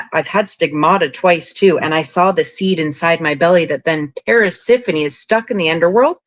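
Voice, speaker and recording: A woman guest on an interview podcast, telling long spiritual stories in a rambling, animated way, full of "like" and "you know". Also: on the low side. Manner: rambling, animated, frequent 'like' and 'you know'. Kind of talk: casual interview storytelling.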